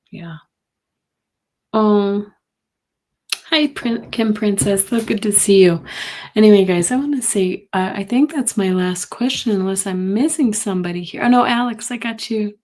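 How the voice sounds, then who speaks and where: A middle-aged woman hosting a live tarot reading stream, talking gently and sympathetically with many pauses and fillers. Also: mid-range voice. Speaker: intuitive reader, host.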